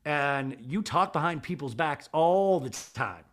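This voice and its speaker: Man impersonating scornful reality-star woman, taunting put-downs, lively pitch. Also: a little slow.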